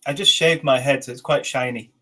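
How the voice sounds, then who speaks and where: A man in his forties with an English accent, leading an online teacher training session with slow, clear dictation and encouraging feedback. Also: medium pitch, fairly even intonation, bright, forceful tone, rough recording. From England. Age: 40s.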